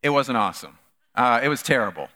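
A man at medium pitch preaches fast, his sermon ringing with a long reverb tail in a church hall. As pastor, he animates his stories by acting out quoted voices.

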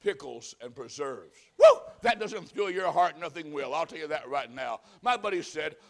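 A man's voice: fairly high pitch, animated, moderate pace. Folksy preacher man. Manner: folksy storytelling, swings from loud punchlines to hushed pleading. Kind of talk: humorous sermon.

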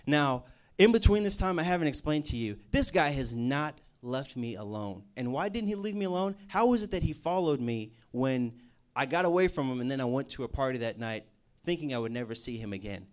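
A man's voice: medium pitch, expressive, brisk, darkish tone. A man preaching a personal testimony, telling it as a casual story with jokey asides. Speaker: campus ministry speaker.

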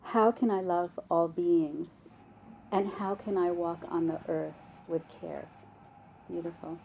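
A woman meditation teacher speaks slowly and gently, with a mellow, warm tone and an easy laugh. Her dharma talk moves along unhurried, full of small pauses and fillers. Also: on the low side, steady tone, vocal fry, a little hiss or hum.

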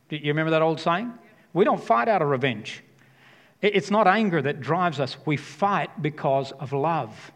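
A man preaching with fire and emphasis, hammering home his points through repetition. His voice sits a little higher than most men's, and a long reverb rings behind it from the hall. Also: expressive, moderate pace, fairly bright tone. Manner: passionate, emphatic, repeats key phrases. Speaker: pastor. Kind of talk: sermon.

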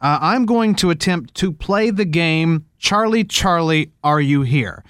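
A man's voice: fairly high pitch, expressive, unhurried, fairly bright tone, clear, resonant tone, no room sound, studio quality. A man hosting a comedy podcast, chatting playfully and getting exasperated with his sidekick. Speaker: podcast host.

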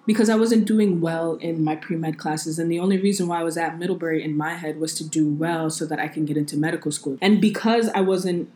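A young woman in casual podcast chat, telling a story candidly with quick asides and quoting herself. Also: sits low, dark tone, roomy sound. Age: young adult. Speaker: podcast co-host.

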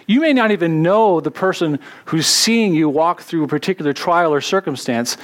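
A man, a pastor, preaching a sermon in an earnest way, slowing down to stress key words. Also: fairly high pitch.

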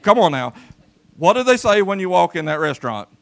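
A pastor tells a folksy story from the pulpit and calls out to his congregation. His voice sits a little high and has a gravelly edge. His pitch swings widely as he acts out the scenes. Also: very animated, a little fast, a bit bright. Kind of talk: storytelling sermon. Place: church service.

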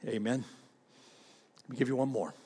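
A man preaching a sermon as pastor, animated, repeating himself and calling on the congregation to read aloud. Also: mid-range voice, normal speed, breathy edge, in a large hall. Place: church sanctuary.

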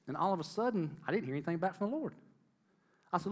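A man's voice: on the high side, expressive, fast, big-room sound. A middle-aged man giving an earnest testimony sermon to a congregation, repeating phrases for emphasis and calling out to the crowd. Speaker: lay preacher.

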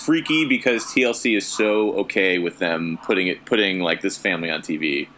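A man's voice: deep voice, a little fast, background noise. A man in casual comedic chat, talking hesitantly with many fillers, wry in tone.

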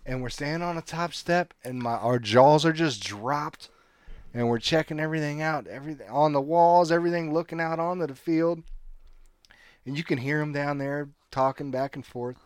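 A man with a somewhat high voice tells a long, animated story in a casual chat, acting out each person's lines and often breaking into laughter. The sound is dry and close, with no room echo. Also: moderate pace, clean tone. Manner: animated, laughing storyteller who acts out quotes.

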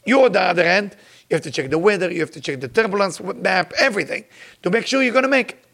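Older spiritual teacher, high-voiced, emphatic and repetitive, loose grammar. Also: male voice, lively intonation, fast talker, a bit bright. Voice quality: non-native grammar. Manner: emphatic, repeats phrases, rises to sudden high exclamations. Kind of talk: sermon to followers.

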